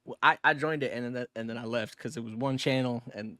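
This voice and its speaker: A young man co-hosting a podcast, talking fast and loose with lots of slang, cursing and filler words. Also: mid-range voice, sharp tone, no echo, clean studio sound. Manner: fast, rambling, slangy and profane, with many fillers. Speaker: podcast co-host. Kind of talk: casual podcast chat.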